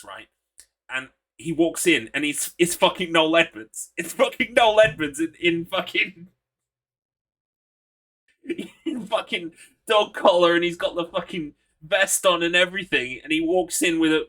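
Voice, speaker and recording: A man's voice: a little high, fairly bright tone. A man chatting casually while live-streaming a horror game, rambling, swearing and laughing as he greets viewers.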